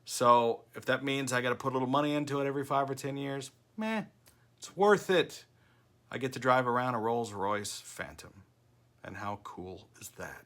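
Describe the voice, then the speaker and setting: An older man vlogging in a casual talking-head style, chatty and animated as he tells stories. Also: a little high. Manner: chatty, animated storytelling with quoted voices. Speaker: vlogger host.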